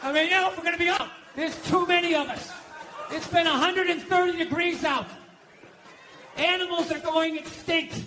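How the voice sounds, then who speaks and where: Loud ranting man doing stand-up. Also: steady tone, moderate pace, a little hiss or hum. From United States. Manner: loud, ranting, profane, swings between shouting and low muttering. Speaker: stand-up comedian. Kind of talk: stand-up comedy set.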